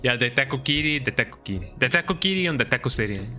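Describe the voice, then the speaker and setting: A man's voice: mid-range voice, animated, quick pace, bright, forceful tone, faint music behind. A man streaming a game, chatting casually, often ending sentences with "eh?" and talking to his cat. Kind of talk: casual gameplay commentary.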